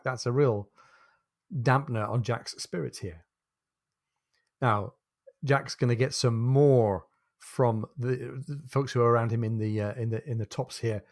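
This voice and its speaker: A man's voice: mid-range voice, no room sound. A man co-hosting a book podcast, walking listeners through the story and quoting passages from the novel. His voice sits in a middle register and comes across close and completely dry, with no room sound. He ends his stretches with a question to his partner. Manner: retells the plot and reads from the text, then hands over with a question. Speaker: podcast co-host.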